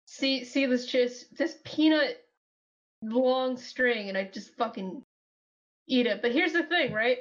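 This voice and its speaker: High-voiced woman on a dull mic. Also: slow. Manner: rambling, swears freely, giggly. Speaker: podcast guest. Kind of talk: casual chat.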